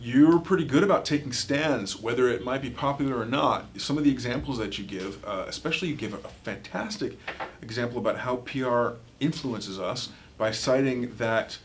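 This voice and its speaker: A man hosting an interview, asking long questions with pauses and fillers and reacting with short agreement. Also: medium pitch, a little hiss or hum. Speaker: interviewer host.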